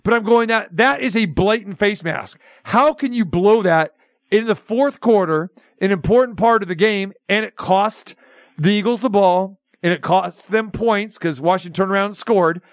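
A man's voice: sits high, moderate pace, dry recording, studio quality. A man hosting sports talk radio, ranting with animation and acting out quotes. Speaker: radio show host.

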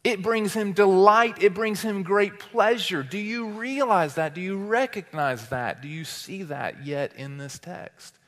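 A man preaching as a teaching pastor, firing rhetorical questions at the congregation and swinging between loud declarations and quiet asides. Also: high-pitched, a little slow, few pauses. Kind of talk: sermon. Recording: long hall reverb.

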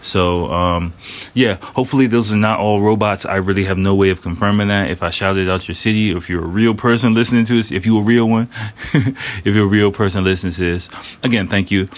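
A man's voice: on the low side, a little fast. A man in his thirties hosting a casual solo podcast, loose and rambling, full of fillers, restarts and slang. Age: 30s. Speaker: podcast host.

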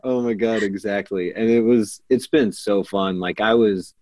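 American man, podcast guest, lower voice, dry recording, chatty and gushing. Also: steady tone, moderate pace, darkish tone, dry recording. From Kansas, United States. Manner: chatty and effusive, full of "like" and "oh my God". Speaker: podcast guest, class facilitator. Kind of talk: casual conversational interview.

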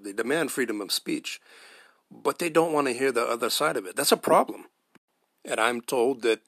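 A man's voice: medium pitch, fairly bright tone, dry recording, studio quality. A man delivering an impassioned monologue, emphatic, with rhetorical questions and repeated phrases. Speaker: commentator.

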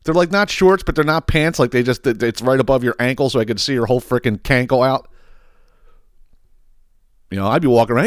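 A man hosting a podcast, ranting casually and profanely, often laughing at his own stories. His voice sounds smooth and resonant, recorded close and dry with almost no room sound. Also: medium pitch, fairly quick, pauses often, dry recording. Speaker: podcast host. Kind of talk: casual comedic rant.

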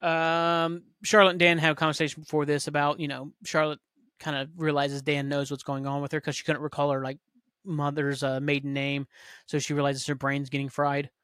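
A man's voice: a little high, level tone, a little fast, a bit bright, clear, resonant tone, dry recording, studio quality. A man hosting a podcast, chatting casually and rambling through a TV recap with lots of fillers and some swearing. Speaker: podcast host. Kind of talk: casual solo recap chat.

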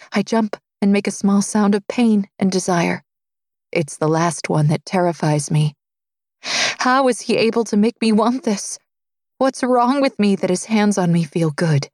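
A woman narrating a romance audiobook in the first person, with a low, intimate reading. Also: no room sound, clean studio sound. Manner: low, intimate reading, dropping softer for his lines.

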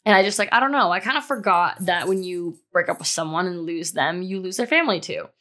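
Young woman podcasting solo, bright tense voice, kinda lowish, rambly and candid, swears casually. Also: lively intonation, quick pace. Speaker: podcast host. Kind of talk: personal monologue.

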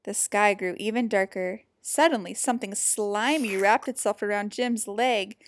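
A woman reads a children's picture book aloud, sounding expressive and animated. Her voice sits at a medium pitch and she keeps a moderate pace.

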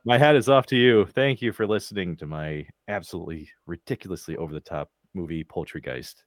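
A man's voice: low voice, fairly quick, dry recording, clean studio sound. A man co-hosting a casual movie podcast, giving a wry, sarcastic review. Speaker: podcast co-host. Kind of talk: casual chat about movies.

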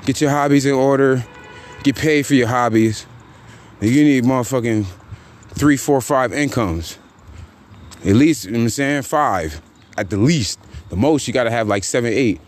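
A man hosting a podcast, venting in a casual, animated rant full of profane street slang. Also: medium pitch, moderate pace, pauses often. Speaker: podcast host.

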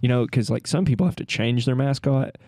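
A man's voice: medium pitch, brisk, dark tone, no echo, clean studio sound. A man, rambling and joking as a podcast co-host. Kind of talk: casual chat.

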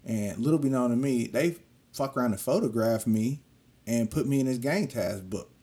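A man's voice: medium pitch, moderate pace. A young man telling a personal story in casual, profane street slang, acting out what others said to him. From California. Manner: animated, profane street slang, acts out quoted voices.

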